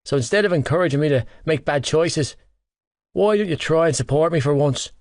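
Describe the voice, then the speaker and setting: A man's voice: a little high, brisk, a little mellow, no echo, pitched above the performer's own voice, close to an everyday voice. An irritable teenage rugby player who growls and snaps back, as a male reader puts him on. His lines sit a little above the narrator's plain tone, clipped and short-tempered. The recording is dry and close. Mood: snappish. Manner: gruff, irritable, swearing. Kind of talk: audiobook character voice.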